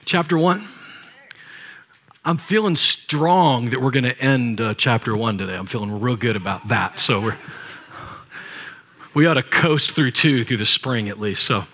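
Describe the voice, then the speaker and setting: A man's voice: mid-range voice, measured pace, pauses often, pushed and bright. A man preaching a sermon as pastor, reading scripture aloud and adding casual, joking asides to the congregation. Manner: reads scripture aloud with commentary.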